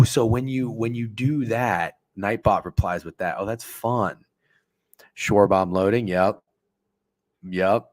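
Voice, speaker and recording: A man in his thirties hosting a sports betting stream, talking casually and excitably with lots of profanity while reacting to his chat. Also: deep voice, no echo. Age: 30s.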